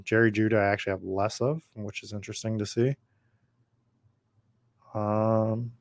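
Low-voiced man chatting casually while drafting. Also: no echo. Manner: rambling, chatty, reads and answers viewer comments. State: slightly losing his voice. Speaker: podcast host. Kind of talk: casual live drafting commentary.

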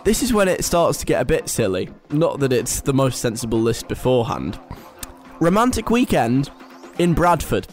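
A man's voice: medium pitch, big pitch swings, fairly quick, hardly any pauses, darkish tone, soft background music. A young British man hosting a radio show, reading a list aloud and mocking it in a chatty, wry way. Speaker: radio host. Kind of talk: casual radio talk.

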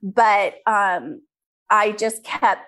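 A woman's voice: medium pitch, extremely slow, fairly bright tone. A woman from California, an interview guest and business founder, telling her life story candidly and earnestly, with frequent ums and restarts. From California, USA.

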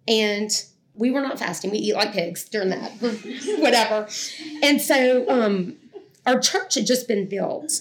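A woman's voice: a little high, unhurried, crowd noise. A middle-aged woman tells a personal testimony to an audience in a chatty, rambling, self-deprecating way. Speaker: speaker sharing a personal testimony.

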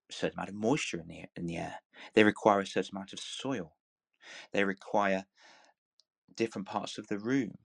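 A man talks warmly in an encouraging, motivational way, repeating phrases and restarting as he presses a point. His voice sits low. The sound is dry and close, with no room around it. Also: gravelly, no room sound. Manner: earnest, repetitive, coaxing, full of restarts. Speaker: live audio room speaker.

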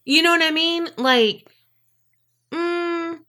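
A woman with a very high voice speaks slowly as she co-hosts a casual true crime podcast. Animated and outraged, she swears and acts out quotes.

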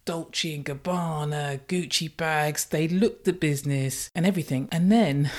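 A middle-aged woman, telling lively personal stories in a casual monologue and swearing now and then. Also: deep voice, unhurried.

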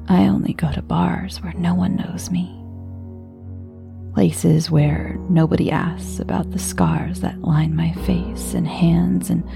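Slow, gravelly woman narrating a story. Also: fairly low pitch. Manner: hushed, often half-whispered delivery. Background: music.

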